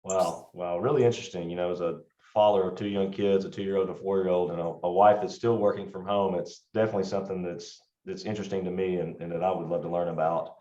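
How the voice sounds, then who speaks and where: A man's voice: low-pitched, steady tone, quick pace, few pauses, warm tone. A man in his thirties hosting an interview, friendly and hesitant with fillers. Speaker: interview host. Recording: dull echoey room sound.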